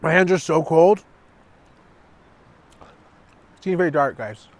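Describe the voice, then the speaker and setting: Talking quickly in a fairly high voice, a man rambles and jokes with his audience in a casual chat to camera. He's a vlogger recording outside at night on a clip-on lavalier microphone.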